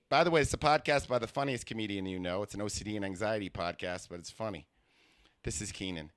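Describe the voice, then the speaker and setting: A man's voice: lowish voice, fast talker, a bit bright, no echo. Rambling, self-mocking male comedian, dry sound. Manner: rambling, self-mocking, many fillers and restarts. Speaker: comedian and podcast host. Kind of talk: comic podcast monologue.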